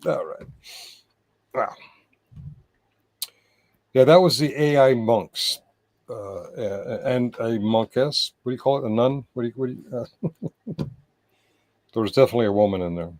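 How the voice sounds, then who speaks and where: Male livestream host, mid-pitch, dry sound, joking and irreverent. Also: moderate pace, long pauses, a little mellow, dry recording. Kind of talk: casual livestream chat.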